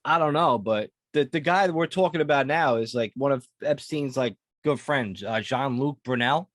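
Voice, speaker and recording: A man's voice: medium pitch, normal speed, fairly bright tone, no echo, studio quality. A man hosting a podcast in casual chat, joking and swearing as he steers the topics. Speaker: podcast host. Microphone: podcast microphone.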